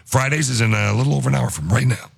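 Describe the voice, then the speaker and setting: A man's voice: mid-range voice, quick pace, gravelly. A man hosting a radio show, teasing and joking with his co-hosts in a studio. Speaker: radio host. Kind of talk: morning radio banter.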